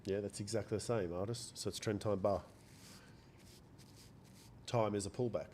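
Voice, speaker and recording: A man's voice: lowish voice, fairly even intonation, moderate pace, darkish tone, a little hiss or hum. A man hosting a live trading stream, chatting casually, repeating phrases and answering viewers by name. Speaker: day trading livestream host.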